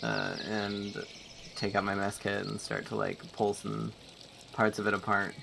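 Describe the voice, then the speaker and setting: A man's voice: lowish voice, little pitch movement, unhurried, creaky, noisy background. A man playing in a tabletop game, talking hesitantly and casually, often speaking as his character in the first person. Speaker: player. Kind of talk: casual tabletop role-play.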